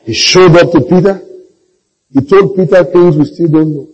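A man's voice: a little high, moderate pace, lo-fi sound. A male pastor preaching a sermon, telling stories and calling for amens. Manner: storytelling, animated, calls for amens.

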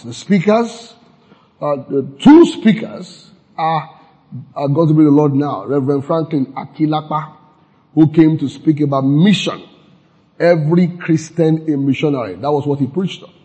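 An older Nigerian pastor preaches slowly and deliberately, leaning hard on key phrases and repeating them for weight. His voice sits a little high for a man. It rings out in a church hall with a long, trailing reverb. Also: dark tone. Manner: emphatic, repeats key phrases, laughs at his own jokes. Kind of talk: sermon.

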